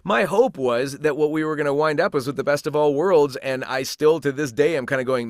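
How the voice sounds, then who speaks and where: A man who is a voice actor, chatting as an interview guest and telling animated stories with many restarts. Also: on the high side, brisk, no room sound. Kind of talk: casual interview chat.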